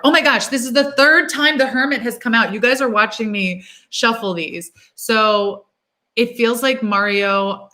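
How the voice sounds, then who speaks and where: A woman's voice: on the high side, bright, forceful tone. A young woman reading tarot cards on a casual livestream, chatting loosely with many "um"s and "like"s, upbeat and encouraging. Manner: chatty, thinks aloud, fills pauses with "um" and "like". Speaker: tarot reader hosting a livestream. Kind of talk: casual live-stream chat.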